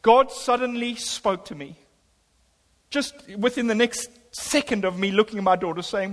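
High-voiced preacher in a reverberant hall. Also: male voice, normal speed. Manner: storytelling, emphatic, swings between loud and hushed. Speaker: pastor. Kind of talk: sermon.

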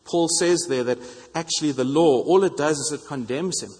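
A man delivers a sermon in a slightly raised, husky voice. He is earnest and hammers his points home through repetition. The sound carries the long reverb of a church hall. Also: a little high, normal speed, darkish tone. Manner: earnest, repeats phrases for emphasis. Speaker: preacher.

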